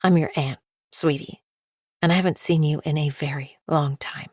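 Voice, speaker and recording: Brief: tender, tearful middle-aged aunt, free-spirited, low-pitched; woman narrator doing the voice. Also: fairly even intonation, moderate pace, darkish tone, no room sound, clean studio sound. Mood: tearful, gentle.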